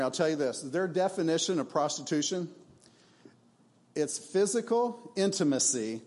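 A man preaches to his congregation in a church, using an emphatic, conversational style. His voice sits a little on the high side, and he leans on rhetorical questions and asides. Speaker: pastor. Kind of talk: sermon.

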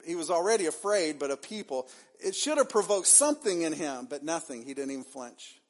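A man's voice: on the high side, big pitch swings, fairly quick. A man preaching a sermon as pastor, acting out the figures' lines with dramatic swings. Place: church sanctuary.

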